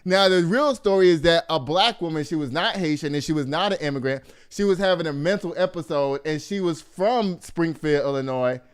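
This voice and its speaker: A man from Texas, hosting a casual commentary show in an animated, profane and mocking way. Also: a little high, brisk, few pauses, smooth. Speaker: host.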